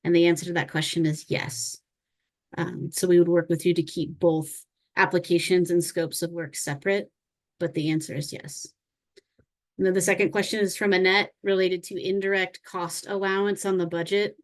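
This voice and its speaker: Lower-voiced woman answering budget questions. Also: steady tone, moderate pace.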